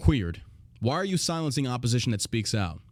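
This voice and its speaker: A man's voice: medium pitch, big pitch swings, a little fast, dry recording. A man hosting a show, ranting bluntly and profanely in a casual, heated way. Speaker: show host. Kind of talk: casual political rant.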